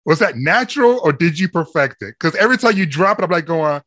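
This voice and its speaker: A man's voice: fairly high pitch, animated, quick pace, hardly any pauses, a bit bright, no echo. Playful interviewer man, dry sound. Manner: playful, laughs along with the guest. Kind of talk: interview questions.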